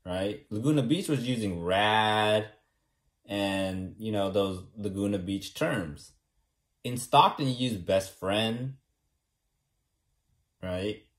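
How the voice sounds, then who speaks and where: Speaking slowly and pausing often, this young man from California vlogs casually to the camera in a lowish voice. He rambles confidently and keeps tacking "right?" onto his points.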